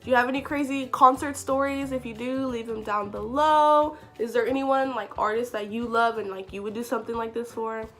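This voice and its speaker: A young woman telling a story to camera in a casual vlog, chatty and excitable, full of "like" fillers. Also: on the high side, brisk, few pauses, faint music behind. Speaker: vlogger.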